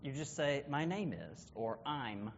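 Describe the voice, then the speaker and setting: A man's voice: medium pitch, big pitch swings, a little slow, creaky, a little hiss or hum. A man teaching a Bible class, explaining in a conversational way and correcting himself as he goes. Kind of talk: classroom lesson with visual aids. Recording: dull, reverberant room recording.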